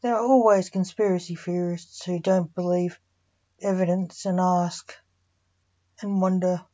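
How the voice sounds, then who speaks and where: A woman's voice: on the low side, measured pace. Woman reading a fantasy story, muffled. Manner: reads all characters in a mostly even narrating voice. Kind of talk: scripted narration of a fantasy story. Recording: muffled lo-fi recording.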